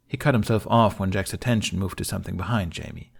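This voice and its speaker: Male audiobook narrator, low voice, steady and emotional delivery. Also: fast talker, creaky, husky. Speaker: fan fiction narrator.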